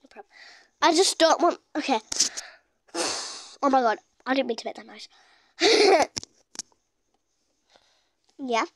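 An excitable woman chats through her gameplay in a high voice that swoops up and down. She gushes over each surprise, and her words come out slowly. The sound is close and dry. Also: no echo. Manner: excitable, gushing exclamations. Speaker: gaming YouTuber. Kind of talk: casual gameplay commentary.

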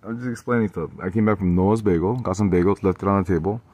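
A man's voice: sits low, steady tone, quick pace, a little mellow, no room sound. A man in his forties talking on and on from a spa tub, swearing, laughing often and jumping from one topic to the next. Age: 40s. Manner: profane, laughs often, jumps between topics. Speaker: vlogger. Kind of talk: rambling monologue.

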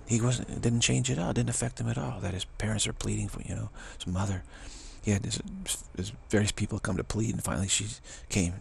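A man's voice: lowish voice, vocal fry, fairly bright tone, slight background noise. A man giving a rambling, emphatic spiritual talk as a teacher, often dropping into whispers. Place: Bay Area, California.

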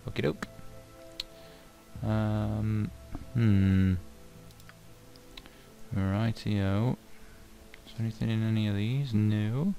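Gravelly Yorkshire man chatting over a game. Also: on the low side, fairly even intonation, very slow, pauses often, mellow, faint music behind. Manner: chatty, self-mocking, muttering to himself. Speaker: let's play host. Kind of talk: casual gameplay commentary.

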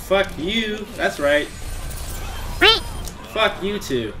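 A man's voice: high voice, lively intonation, very slow, over music. A man commenting on his own game as he plays, taunting opponents, swearing and laughing. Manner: trash-talking, taunting, swearing; playful, laughing. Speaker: gamer. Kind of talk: casual gameplay commentary.

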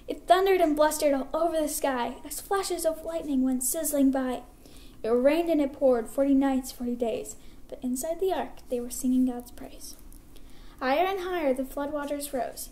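A woman with a high voice tells a rhymed Bible story at a church service. Her reading is lively and expressive. She keeps a steady rhythmic lilt through the verses.

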